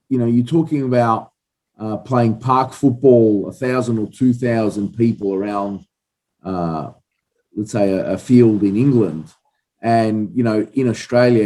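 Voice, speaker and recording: A man's voice: fairly low pitch, warm tone, low-quality recording. Man asking rambling questions. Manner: rambling questions with many fillers. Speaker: podcast host, interviewer. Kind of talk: interview questions.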